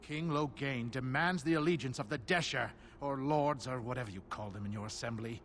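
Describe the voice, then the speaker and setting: An actor playing a haughty royal messenger who makes dismissive demands in a video game. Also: male voice, medium pitch, fairly quick, a bit bright, a little hiss or hum, lightly acted.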